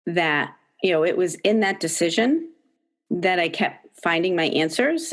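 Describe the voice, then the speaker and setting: A woman's voice: lowish voice, lively intonation, unhurried. A middle-aged woman talking candidly as an interview guest, emphatic and swearing freely, her voice jumping up when she quotes her own thoughts. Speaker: podcast guest, author.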